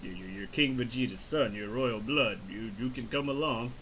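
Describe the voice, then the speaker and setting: A man putting on the voice of a shady scheming older warlord, quiet and falsely sincere. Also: medium pitch, normal speed, a little hiss or hum, natural voice, low-quality recording. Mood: sly. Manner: smooth, quiet, oily mock sincerity.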